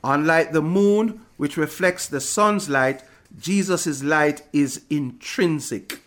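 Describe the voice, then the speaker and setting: A man delivers a sermon in a measured, emphatic preaching manner. His voice sits a little higher than most men's. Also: a bit bright.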